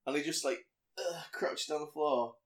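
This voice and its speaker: A man's voice: on the high side, normal speed. A man co-hosting a podcast, casually retelling a film scene by scene and acting out the characters' lines in voices. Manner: animated storyteller, acts out quotes in voices. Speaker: podcast co-host. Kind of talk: casual chat recapping a film.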